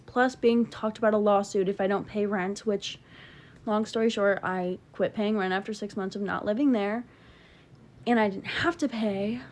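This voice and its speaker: A young woman casually telling a long, rambling breakup story, talking emphatically and cutting herself off. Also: a little high. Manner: rambling, emphatic, self-interrupting. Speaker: TikTok storyteller.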